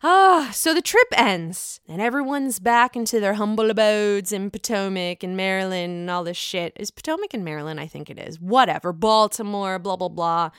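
A woman's voice: medium pitch, moderate pace, few pauses, fairly bright tone, smooth, no room sound, studio quality. A woman casually recapping a reality show episode, sassy and profane, acting out what the cast members said.

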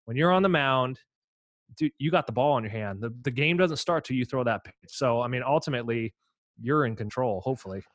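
A middle-aged man, a former pitcher, co-hosting a podcast, telling an animated anecdote in casual chat. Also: fairly quick, dry recording, clean studio sound. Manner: animated anecdote teller, quotes others.

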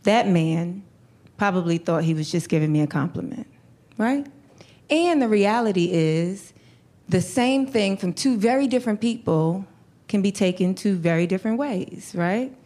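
A woman comedian doing a live stand-up set, telling stories in an animated way, laughing and slipping into put-on voices. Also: medium pitch, normal speed. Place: comedy club stage before a laughing crowd. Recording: live club with crowd laughter and noise.

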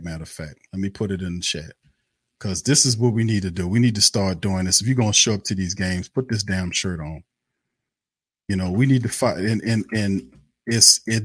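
A man's voice: fairly low pitch, a bit bright, husky, no echo. Dry-voiced, heated New man ranting. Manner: heated, repetitive, cursing, scornful. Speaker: sports fan show host. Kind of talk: angry live-stream rant.

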